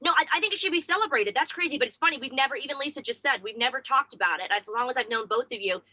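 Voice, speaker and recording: Fast, bright, effusive woman co-host. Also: sits high, no room sound, rough recording. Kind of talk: casual chat.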